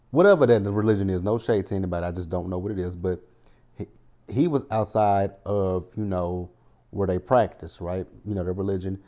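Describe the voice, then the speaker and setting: A man's voice: deep voice, moderate pace, pauses often, warm tone. A man giving a chatty, rambling recap of a TV episode, full of asides. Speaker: TV show recap vlogger. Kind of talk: casual recap commentary.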